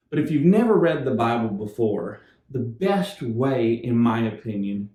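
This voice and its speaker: A man giving a measured, earnest talk that explains how to read the Bible, sharing his own view as a Bible teacher. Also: mid-range voice, warm tone, echoey room. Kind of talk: scripted explainer talk to camera.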